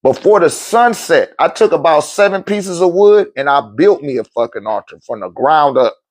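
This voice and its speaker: A man's voice: on the high side, animated, normal speed. A man telling a personal story at a live talk in a loose, profane way, acting out the other people's voices as he goes.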